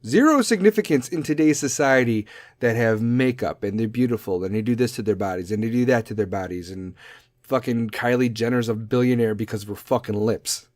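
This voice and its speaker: A middle-aged man hosting a podcast rants profanely and comically about parenting, wandering into tangents and imitating kids with high, squeaky voices. He's animated and speaks at a normal speed, recorded in studio quality with no echo.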